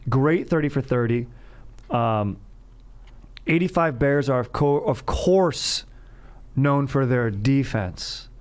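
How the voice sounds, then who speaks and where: A man's voice: medium pitch, animated, slow. A man hosting a casual sports podcast, rambling and joking, often breaking into laughter. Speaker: podcast host.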